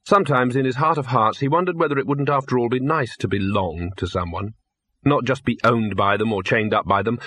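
A male narrator reads a comic novel with wry, measured storytelling. His voice sits in a middle pitch. The recording is close and dry, with no room sound. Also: fairly bright tone, breathy edge, no echo. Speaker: audiobook narrator. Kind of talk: scripted narration.

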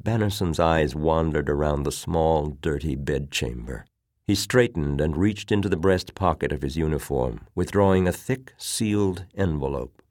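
A man narrating a story as an audiobook reader, measured and expressive. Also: extremely low pitch, no echo, clean studio sound. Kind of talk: audiobook reading.

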